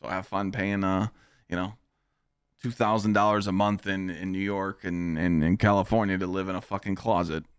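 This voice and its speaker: A man's voice: low-pitched, steady tone, normal speed, clear, resonant tone, no echo, studio quality. A young man hosting a casual streamed podcast, talking bluntly and profanely in a boastful, rambling pep talk. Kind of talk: casual livestream podcast chat. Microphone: streaming microphone.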